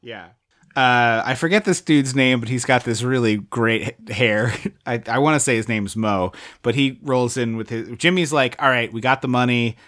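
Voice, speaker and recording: A man's voice: mid-range voice, moderate pace, fairly bright tone. A man co-hosting a podcast, chatting enthusiastically about a film and acting out lines from it. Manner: enthusiastic, acts out quoted lines. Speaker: podcast co-host. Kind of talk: casual movie discussion.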